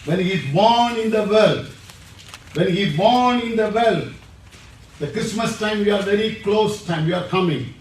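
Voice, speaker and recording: A man's voice: high-pitched, unhurried, roomy sound, distant mic, low-quality recording. A male pastor with an Indian English accent and a Tamil background, preaching a sermon with emphasis and repeating each phrase. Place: church.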